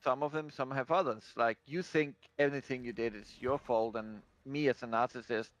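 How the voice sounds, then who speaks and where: A man's voice: medium pitch, normal speed. Dry, teasing man in casual chat.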